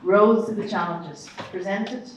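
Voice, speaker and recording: A woman department head giving a formal, measured welcome address at a ceremony. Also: mid-range voice. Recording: echoey hall, distant mic, faint noise.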